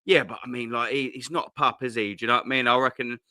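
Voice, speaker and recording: A man runs a casual live stream from home, rambling, swearing, and using lots of slang into a cheap desk mic at his laptop. He talks quickly in a mid-range voice with fairly even intonation and a bright, forceful tone. The recording is dry with clean studio sound.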